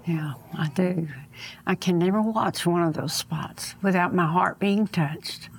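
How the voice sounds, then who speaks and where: Gravelly-voiced woman praying gently. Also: lowish voice, a little slow. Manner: gentle, prayerful. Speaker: ministry co-host. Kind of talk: prayerful donation appeal.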